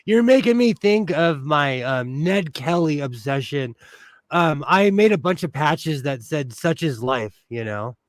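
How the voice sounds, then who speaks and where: A man's voice: fairly high pitch, fairly bright tone, no echo. A man, hosting a casual livestream while he sews, rambling and sentimental with lots of fillers. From United States. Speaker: host.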